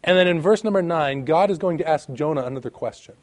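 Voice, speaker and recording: Male preacher, fairly high pitch, emphatic sermon delivery with scripture readings. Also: expressive, quick pace. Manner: emphatic, rising and falling, reads scripture aloud.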